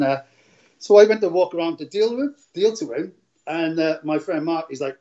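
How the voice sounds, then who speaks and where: A man's voice: a little high, fast talker. A middle-aged man from Wales, a casino dealer telling rambling stories with frequent laughs in an interview. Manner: rambling, laughs often, animated retelling. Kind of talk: casual interview storytelling. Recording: dull lo-fi audio.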